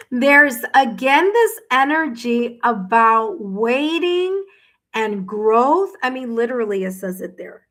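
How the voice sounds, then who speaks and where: Slow, reassuring woman tarot reader. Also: fairly high pitch, lively intonation, a bit bright, rough recording. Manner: soothing, reassuring, unhurried, addresses viewer directly. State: hiccuping. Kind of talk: paid live-stream tarot reading.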